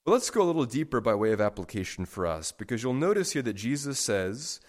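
A man preaching a sermon, stressing words by stacking them and swinging sharply between soft and loud. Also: mid-range voice, big pitch swings, fast talker, hardly any pauses. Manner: emphatic, with sharp swings in loudness. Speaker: pastor.

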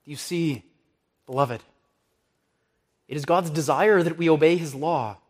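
High-voiced man preaching a sermon. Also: unhurried. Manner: earnest pulpit preaching, cites scripture references.

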